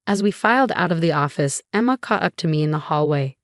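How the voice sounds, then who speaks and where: Low, dry woman narrating a story. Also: expressive, fast talker, dry recording. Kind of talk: scripted first-person story narration.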